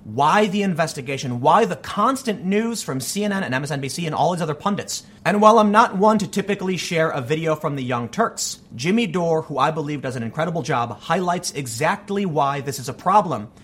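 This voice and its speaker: A man's voice: fairly high pitch, expressive, brisk, hardly any pauses, fairly bright tone, slightly rough. A man delivering an opinion monologue on politics, emphatic and argumentative. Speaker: political commentator.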